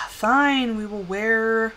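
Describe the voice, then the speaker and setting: A young woman giving casual live commentary on a life-sim game, chatty and scolding her characters with bursts of excitement. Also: fairly high pitch, very slow, poor audio.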